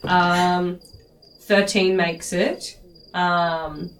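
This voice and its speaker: A woman playing a tabletop game, matter-of-fact as she describes her moves. Her voice sits a little low. She sounds far from the mic, with clear noise around her. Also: flat delivery, extremely slow. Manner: plain, matter-of-fact, with fillers. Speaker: player. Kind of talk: casual tabletop play.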